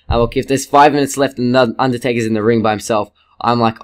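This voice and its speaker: A man giving a casual, rambling video review, excitable and swearing freely. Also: medium pitch, quick pace, few pauses, clean tone. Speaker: wrestling reviewer.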